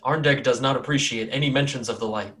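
A man voicing a worn-down but resolute village priest who speaks in a grave, measured way. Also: mid-range voice, a bit bright, close to an everyday voice.

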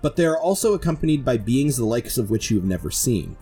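A man narrating a tabletop space fantasy adventure as dungeon master, in measured, descriptive storytelling. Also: mid-range voice, very animated, warm tone, breathy edge, soft background music. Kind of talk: narrating a tabletop game podcast.

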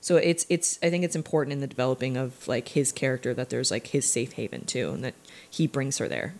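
A woman's voice: rumbling low, a little fast, a little mellow. A woman co-hosting a casual book chat, reflecting on the characters and often restarting her sentences. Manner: thinks aloud with frequent restarts and fillers. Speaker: podcast co-host.

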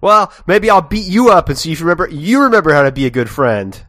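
A man voicing a bullying teenage boy hero, loud and threatening. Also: fairly high pitch, expressive, fast, dry recording, studio quality, voice pushed up.

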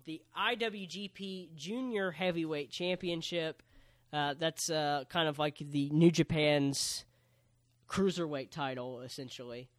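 A man's voice: on the high side, fairly bright tone, no room sound, clean studio sound. A man co-hosting a casual podcast, recapping at length with many ums and uhs. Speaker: podcast co-host reviewing wrestling. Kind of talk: casual chat.

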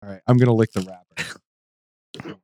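A man's voice: fairly low pitch, unhurried, no room sound, studio quality. A man co-hosting a podcast, chatting casually and exclaiming a lot as he tries a hot chip. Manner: excitable, exclaiming. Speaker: podcast co-host.

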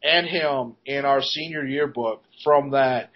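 A man co-hosting a podcast, telling a story in a casual, animated way, laughing and swearing as he goes. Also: medium pitch, slow pace. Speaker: podcast co-host. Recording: dull lo-fi podcast recording.

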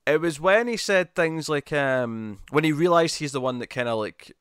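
A man's voice: a little high, lively intonation, normal speed, fairly bright tone, smooth, dry recording, clean studio sound. A man co-hosting a podcast, chatting casually and animatedly, teasing and laughing often. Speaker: podcast co-host. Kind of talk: casual chat.

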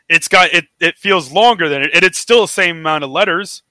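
An American man co-hosting a podcast, chatting casually, swearing often and excitable. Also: high-pitched, brisk, hardly any pauses, dry recording. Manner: profane, excitable, laughing often. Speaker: podcast co-host. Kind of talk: casual chat.

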